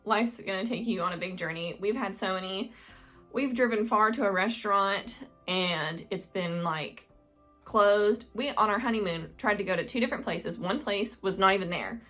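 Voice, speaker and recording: A woman's voice: medium pitch, normal speed, fairly bright tone, soft background music. A young woman vlogger giving casual advice to camera, chatty and rambling, with many fillers and self-corrections. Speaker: lifestyle vlogger.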